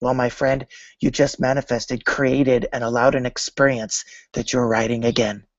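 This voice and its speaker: A man's voice: mid-range voice, flat delivery, moderate pace, dry recording. A man talks about manifesting in a storytelling way, often slipping into imagined back-and-forth conversations. His voice sits in a middling register. The recording is dry and a little dull, with no room sound. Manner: storytelling, acting out imagined dialogues. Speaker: spiritual vlogger. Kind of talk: motivational talk on manifesting.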